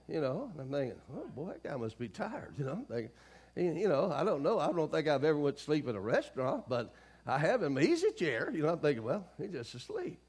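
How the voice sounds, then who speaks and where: A middle-aged man delivering a sermon in a church, his voice sitting a touch higher than most men's. He tells stories in a low, confiding tone, then climbs and pushes hard on his main points. He calls out to the congregation for responses. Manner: call-and-response preaching, swings from soft storytelling to loud emphasis. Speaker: pastor. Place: church sanctuary.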